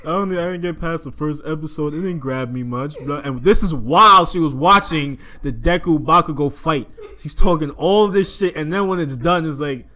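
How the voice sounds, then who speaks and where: A man's voice: fairly high pitch, normal speed, few pauses, sharp tone. A man co-hosting a casual podcast, teasing his friends in slang and mimicking them. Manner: teasing, slangy, mocking impressions. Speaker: podcast co-host. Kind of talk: casual banter.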